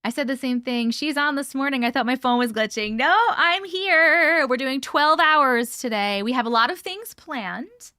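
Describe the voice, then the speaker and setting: Young woman, live-stream host, chatty and animated, slightly high voice, dry close mic. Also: normal speed, hardly any pauses, clean tone, no echo. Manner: chatty, greets viewers by name. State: short on sleep. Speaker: livestream host. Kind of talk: casual live-stream chat.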